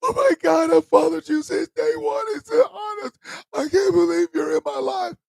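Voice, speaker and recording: A sobbing male fan, put on by a man, his voice cracked way up into a shrill falsetto as he shouts through tears. He is starstruck and overwhelmed with emotion, and the sound is close and dry. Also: normal speed, creaky, no echo, exaggerated voice. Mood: tearful, gushing.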